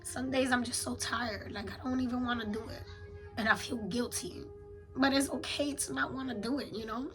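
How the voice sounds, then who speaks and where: A woman's voice: fairly high pitch, steady tone, moderate pace, poor audio. Weary, blunt woman venting, music behind. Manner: raw, weary and blunt, swearing often. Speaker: mother journaling on camera. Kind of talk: candid confessional vlog.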